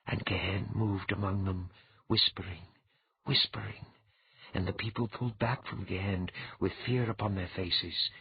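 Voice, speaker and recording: A man narrating a fantasy audiobook in a measured, dramatic way. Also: low-pitched, fairly even intonation, breathy edge, no room sound. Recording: dull lo-fi, dry.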